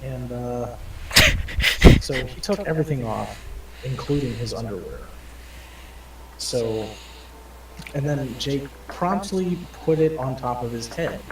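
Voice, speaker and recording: A man rambles through a crude tabletop story, swearing freely. He sounds far from the mic in a roomy space, with clear noise behind him. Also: mid-range voice, slow, pauses often. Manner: profane, rambling, acts out quoted voices. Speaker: player.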